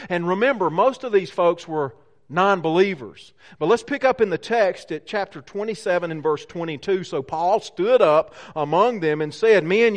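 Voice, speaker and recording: A man preaching a conversational sermon, often checking in with his listeners. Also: high voice. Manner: conversational, asks the congregation questions. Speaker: pastor.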